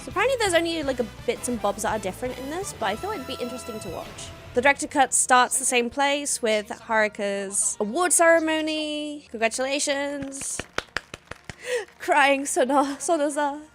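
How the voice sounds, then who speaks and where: Young woman, excitable reaction-video host; high-pitched and very animated delivery, full of gasps, laughs and swearing. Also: moderate pace, soft background music. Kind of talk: casual reaction commentary.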